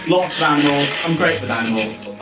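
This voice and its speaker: A man's voice: fairly high pitch, brisk. A man with a British accent playing a tabletop game, cheery and chuckling. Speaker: player. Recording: echoey room, mic at a distance, music.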